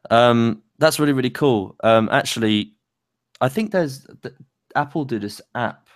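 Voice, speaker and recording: A young man co-hosting a casual chat about songwriting, talking loosely with many fillers and pauses. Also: medium pitch, dry recording, clean studio sound. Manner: loose, lots of fillers and likes, pace speeds up and slows. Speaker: co-host.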